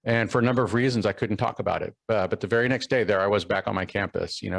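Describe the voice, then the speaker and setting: A man's voice: lowish voice, quick pace, gravelly, dry recording, low-quality recording. A middle-aged man from Texas giving a keynote talk, telling a personal story with many fillers and restarts. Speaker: keynote speaker.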